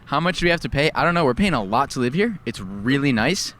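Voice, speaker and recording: A man co-hosting a podcast, teasing his partner with quick interjections in casual chat. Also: medium pitch, big pitch swings, a bit bright. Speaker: podcast co-host.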